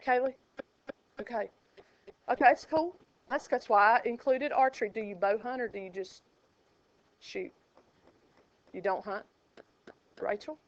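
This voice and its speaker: A woman teaching a high school math class, chatty and joking, quizzing her students as she goes. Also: a bit bright, dull audio, slight background noise. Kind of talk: classroom lecture.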